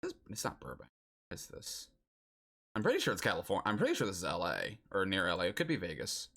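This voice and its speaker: A man's voice: low voice, wildly swooping pitch, fast talker, vocal fry, bright, forceful tone. A young man streaming a geography guessing game, chatting casually and musing aloud as he guesses locations.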